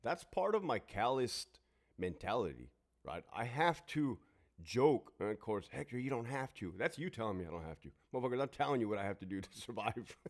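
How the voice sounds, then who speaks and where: A middle-aged man with a somewhat low voice talks in a casual, unscripted monologue. He is blunt and emphatic, with constant profanity, like a former guard telling it straight. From Southern California. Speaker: former prison guard and military veteran.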